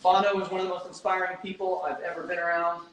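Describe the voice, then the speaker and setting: Man, host, cooking livestream, high voice, noisy video call audio. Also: fast. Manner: lively, storytelling, talks while cooking. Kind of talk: casual chat while cooking on a livestream.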